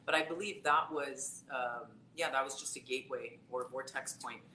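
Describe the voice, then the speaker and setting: A psychic tarot reader, a woman with a very deep, sharp-toned voice at a moderate pace, tells a personal story in a casual live-stream conversation. She's chatty and uses lots of fillers. The recording has a roomy echo and faint background noise.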